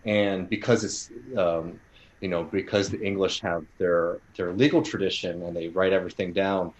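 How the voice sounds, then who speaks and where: Low-voiced American man on a dull line. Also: steady tone, moderate pace. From United States. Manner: rambling, with many fillers and laughs. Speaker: podcast co-host reading listener questions. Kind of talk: casual panel chat.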